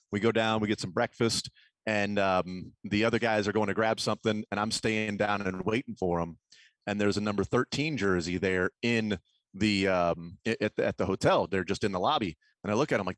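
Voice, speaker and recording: A man hosting a sports radio show, telling stories in casual chat and jumping up in pitch when he quotes people. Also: a little fast, dry recording. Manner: animated storyteller, leaps high when quoting people.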